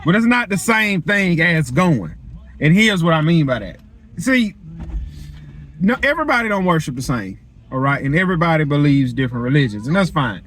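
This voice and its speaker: A man's voice: a little high, moderate pace. A man talking to camera in a casual, preachy, colloquial way. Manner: animated, preachy, colloquial storytelling. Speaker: vlogger.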